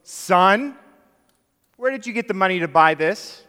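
A man voicing a patient mother who gently questions her son. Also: high-pitched, expressive, unhurried, clear, resonant tone, full character voice. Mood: questioning. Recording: long reverb of a large hall.

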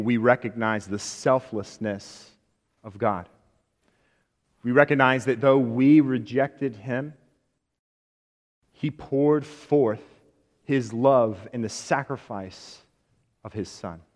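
A man preaching a sermon to a congregation, speaking emphatically and letting many phrases fall soft at the end. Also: medium pitch, slow, long pauses, long reverb tail. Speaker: pastor. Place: church sanctuary.

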